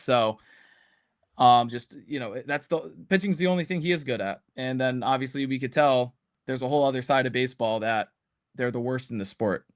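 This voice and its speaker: A man talking through sports opinions in casual commentary, rambling and full of "um" and "you know" fillers. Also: medium pitch. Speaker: podcast panelist.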